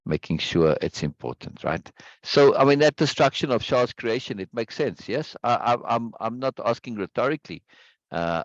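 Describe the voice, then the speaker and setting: Over a video call, a man leads an online study group, teaching casually, rambling, repeating words and frequently stopping to ask "right?". His mid-range voice has lively intonation and a moderate pace, in a dry, lo-fi recording.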